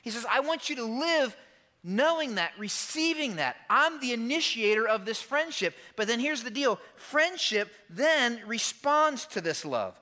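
High, bright-voiced man preaching in a hall. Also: a little slow. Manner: emphatic, animated preaching with quoted lines and asides. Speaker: pastor. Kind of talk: sermon. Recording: long hall reverb.

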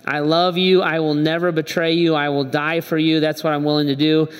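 A man's voice: a little high, little pitch movement, fairly quick, clear, resonant tone, natural voice. A man voicing an impulsive adult male disciple who protests eagerly in casual modern phrasing. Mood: earnest. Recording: echoey hall.

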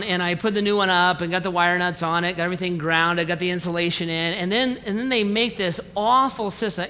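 A man preaching a sermon, telling a comic family story with acted-out dialogue, then slowing down for the lesson. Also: high voice, bright, forceful tone. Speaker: pastor. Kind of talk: sermon with a humorous personal story. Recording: reverberant hall with faint room noise.

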